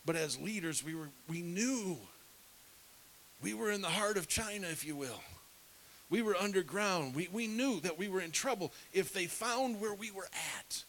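A middle-aged man preaching with a somewhat high voice, telling a story with animation. He sometimes drops to a hushed whisper to act out scenes. A faint hiss runs under the recording. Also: expressive, moderate pace, rough recording. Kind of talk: sermon storytelling.

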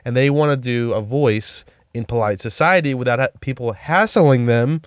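A man's voice: medium pitch, moderate pace, smooth, dry recording, clean studio sound. A young man co-hosting a casual comedy podcast, joking around and slipping into silly voices. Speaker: podcast co-host.

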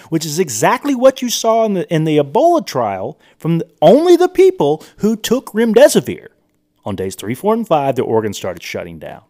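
Emphatic male podcast host, lively pitch. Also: moderate pace. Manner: emphatic, incredulous, reads quotes aloud with asides. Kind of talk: monologue reading and commenting on sources.

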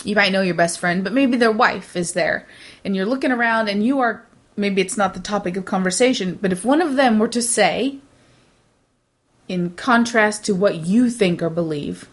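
Woman, medium pitch, rambling, animated, restarts a lot, casual podcast chat. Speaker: podcast co-host.

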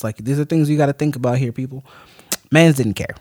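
A man co-hosting a podcast, telling a story in an animated, mock-angry rant. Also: mid-range voice, fairly quick, no echo, clean studio sound. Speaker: podcast co-host. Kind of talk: casual podcast chat, storytelling.

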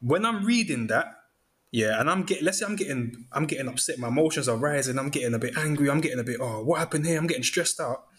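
Animated man in casual chat. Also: medium pitch, quick pace. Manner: animated, acts out inner thoughts in quoted asides.

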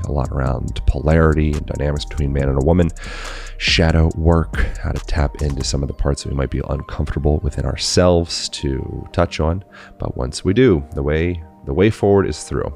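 A man hosting a podcast, introducing his guest and chatting in a relaxed, joking way. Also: very deep voice, creaky. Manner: relaxed, joking, laid-back. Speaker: podcast host. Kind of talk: casual podcast conversation.

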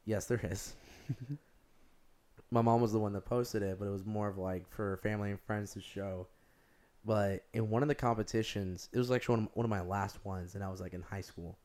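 A young man with a lowish voice, chatting casually and rambling through his stories. He leans on "like" constantly and gets animated in the telling. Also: brisk. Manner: rambling, heavy use of "like", animated storytelling. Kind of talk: casual chat.

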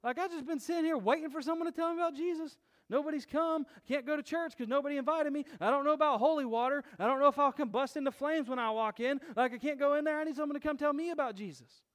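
A man's voice: extremely high pitch, fast, hardly any pauses, fairly bright tone, pitched above the performer's own voice. A man voicing an eager, plaintive person who has been waiting for someone to tell him about faith.

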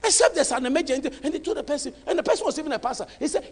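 A male pastor preaching a sermon, emphatic and dramatic, swinging from hushed tones to shouts. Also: very high voice, sing-song, rapid-fire, hardly any pauses, in a large hall.

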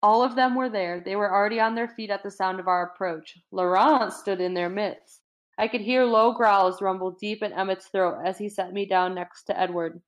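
A woman reading a novel aloud in a relaxed, chatty way, breaking off for casual asides and occasional stumbles. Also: medium pitch, normal speed. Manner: reads with light voicing, chatty asides, stumbles and laughs. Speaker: reader.

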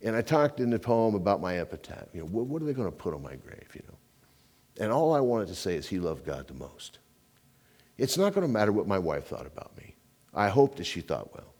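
A pastor preaches a loose, conversational sermon, often dropping in "man" and "you know" and swinging between loud emphasis and quiet, intense stretches. His voice is fairly low and sing-song, and he talks fast.

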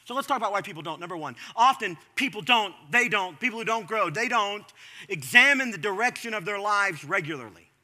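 A middle-aged pastor delivers a sermon in a high, very bright, ringing voice at a fairly quick pace. He speaks conversationally to the congregation, then breaks into sudden animated bursts.

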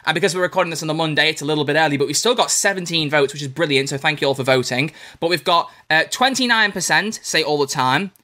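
This man is the host of a casual chat podcast, upbeat and full of jokes as he talks. His voice sits a little high and has a bright, forceful ring to it. He rattles along at a quick clip. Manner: upbeat, joking and chatty.

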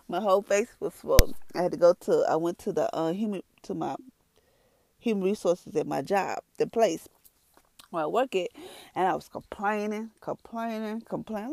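Low, gravelly-voiced woman giving an earnest testimony. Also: no echo. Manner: earnest, conversational, storytelling with lively quoted reactions. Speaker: mother sharing a testimony. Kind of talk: emotional personal testimony to viewers.

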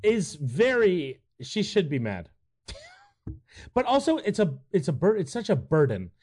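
A man's voice: high voice, a little slow. A man co-hosting a podcast in casual chat, laughing often and acting out quotes. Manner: animated, laughing, acts out quotes. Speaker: podcast co-host.

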